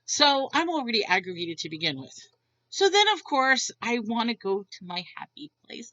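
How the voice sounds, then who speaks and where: Exasperated woman ranting, bright and dull. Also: a little high, sing-song, a little fast, no room sound. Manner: exasperated, blunt, swears often. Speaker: vlogger. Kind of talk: venting rant to camera.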